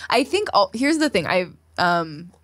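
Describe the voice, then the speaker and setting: A woman's voice: mid-range voice, very animated, a little slow, fairly bright tone, no room sound. A woman chatting on a podcast, answering with dry, wry remarks. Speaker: podcast regular. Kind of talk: casual chat.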